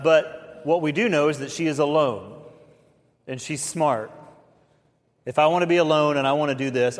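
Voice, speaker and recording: A pastor giving a conversational sermon, with folksy asides to the congregation. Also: male voice, medium pitch. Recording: reverberant hall.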